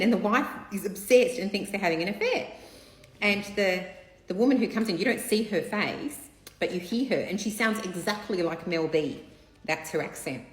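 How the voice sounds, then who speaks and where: A woman gossiping casually while she assembles a seafood platter in her home kitchen, with children bathing somewhere in the house. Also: medium pitch. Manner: chatty, gossipy, candid, occasional swearing. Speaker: vlogger. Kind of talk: casual chat while cooking. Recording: echoey room, faint background noise. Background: children splashing in a bath.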